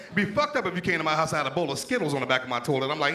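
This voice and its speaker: A stand-up comic from Pittsburgh riffs loosely and profanely, talking straight to the crowd in a slightly raised voice. The sound is roomy and echoey, with a small club audience clearly heard around him. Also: male voice, fairly high pitch, very animated, fast talker, sharp tone. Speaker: stand-up comedian. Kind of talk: stand-up comedy set. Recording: echoey room with crowd noise.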